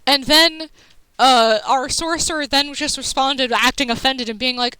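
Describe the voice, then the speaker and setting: A woman streamer rambling through a long funny story, laughing and cursing as she goes. Her voice is high and bright. The sound is dry and close to the mic. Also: a little slow, clean tone, no echo, low-quality recording. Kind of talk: casual chat while gaming.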